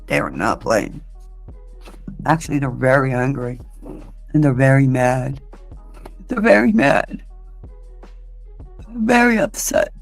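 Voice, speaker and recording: A woman's voice: rumbling low, sing-song, takes it slowly, gravelly, pauses often, faint music behind. A woman on a livestream in an angry, indignant rant, cursing and defensive.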